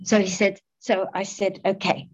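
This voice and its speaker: A woman's voice: mid-range voice, little pitch movement, moderate pace, a little mellow, husky, rough recording. A middle-aged woman giving a personal recovery testimony, candid and self-mocking, laughing often as she talks. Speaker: speaker sharing recovery story.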